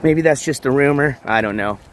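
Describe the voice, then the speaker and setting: A man hosting a casual walking livestream outdoors, reading the chat aloud, shouting thanks for donations, and losing his voice. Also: medium pitch, a little fast. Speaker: livestream host. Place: outdoors on city streets, walking dogs. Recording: faint street noise outdoors.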